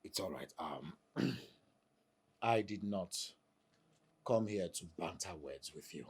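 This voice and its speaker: Worn out husband, husky, asks for respect. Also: male voice, deep voice, expressive, takes it slowly, a little mellow, full character voice. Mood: defensive. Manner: pleading, pompous. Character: defensive, weary husband.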